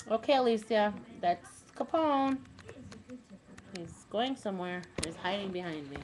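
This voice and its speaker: Slow sing-song woman coaxing a dog. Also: medium pitch, animated, darkish tone, slight background noise. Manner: sing-song pet talk, coaxing and affectionate. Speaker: dog owner filming a home video message. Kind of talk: casual home video, coaxing a pet.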